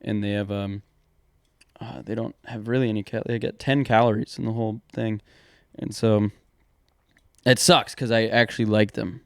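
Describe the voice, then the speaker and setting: Young male co-host, smooth clear voice, giggly and rambling, dry close-mic recording. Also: lowish voice, level tone, moderate pace, pauses often, no room sound. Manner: laughs often, rambling, repeats words. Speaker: podcast co-host. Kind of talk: casual chat.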